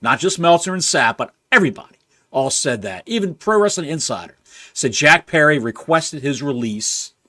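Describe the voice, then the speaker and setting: Male podcast co-host, fairly high voice, very animated delivery, rants in volleys of questions. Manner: ranting with rapid rhetorical questions. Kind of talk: casual wrestling podcast chat.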